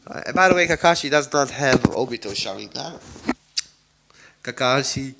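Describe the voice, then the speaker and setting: A man's voice: medium pitch, lively intonation, moderate pace, creaky, long pauses, noisy background. A man casually retelling a fan story, rambling with fillers and asides.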